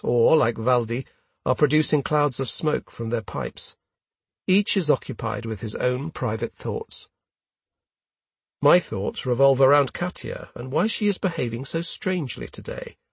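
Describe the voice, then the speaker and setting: A man reading a first-person story aloud in a measured, steady way. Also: mid-range voice, husky, no room sound. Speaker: audiobook narrator. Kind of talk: scripted first-person narration.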